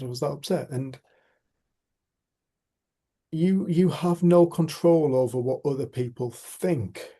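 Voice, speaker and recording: A man's voice: mid-range voice, gravelly, warm tone, husky. A middle-aged man with a Northern English, Cumbrian accent, leading a casual group discussion over a video call, chatty and teasing, with the odd swear word. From Cumbria, Northern England. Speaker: group facilitator.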